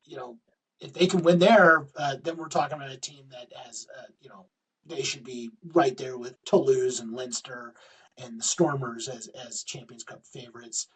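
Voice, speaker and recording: A man's voice: mid-range voice, steady tone, normal speed, a bit bright, slightly rough, recorded from a distance, poor audio. A man co-hosting a rugby podcast, running through match previews in casual chat with plenty of fillers. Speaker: podcast co-host.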